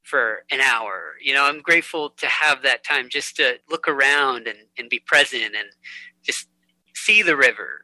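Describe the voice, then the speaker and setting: A musician appearing as an interview guest chats and tells stories, laughing easily and repeating words. His medium-pitched voice is animated, bright and forceful at normal speed, captured in a rough recording with no room sound.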